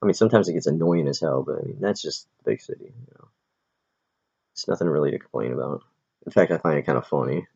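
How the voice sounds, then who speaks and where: A man who is an aspiring comedian, ranting in a rambling, profane, quick-tempered way as he vlogs in a big city. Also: a bass voice, creaky, darkish tone, slightly rough. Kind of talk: casual rambling rant. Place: big city, in or near Manhattan. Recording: dull lo-fi recording.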